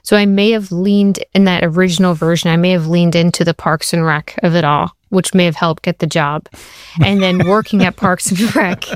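A woman in her forties, a television writer being interviewed, telling animated anecdotes in casual conversation. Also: on the low side, moderate pace, clean tone, no echo, clean studio sound. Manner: animated, acts out quoted voices in her anecdotes. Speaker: TV writer and showrunner guest.

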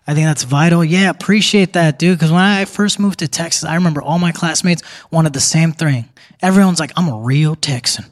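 A man's voice: fairly high pitch, brisk. A young man doing a live stand-up comedy set on a theater stage, joking casually and talking straight to the crowd.

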